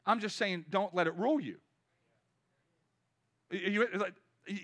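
Fifties male pastor, high and bright, energetic sermon delivery. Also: unhurried. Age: 50s. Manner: energetic preaching, rising loud then dropping to soft storytelling.

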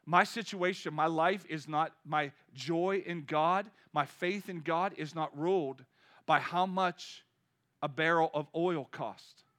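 Fifties male pastor, high and bright, energetic sermon delivery. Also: slow. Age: 50s. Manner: energetic preaching, rising loud then dropping to soft storytelling.

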